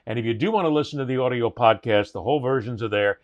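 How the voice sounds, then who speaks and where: A man's voice: mid-range voice, fast, muffled recording. A man co-hosting a sports podcast, reading plugs and joking in casual chat. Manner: animated, jokey promo patter. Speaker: podcast co-host.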